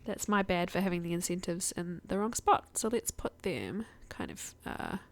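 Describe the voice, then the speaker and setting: A woman's voice: lowish voice, sing-song, normal speed, creaky. A woman, chatting casually to her viewers while playing a game on a live stream and thinking aloud. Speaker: guest streamer.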